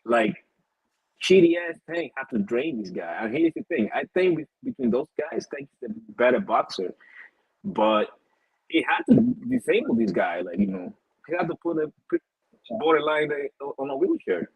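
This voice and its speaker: Husky animated man, gravelly voice. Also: a little high, moderate pace, dry recording, poor audio. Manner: animated, profane, laughs often. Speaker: boxing podcast co-host. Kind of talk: casual chat.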